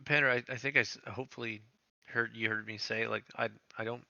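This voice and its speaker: A man in casual gaming voice chat, halting and supportive, swearing freely. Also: medium pitch, fairly even intonation, bright, forceful tone, no room sound, muffled recording. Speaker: guild member.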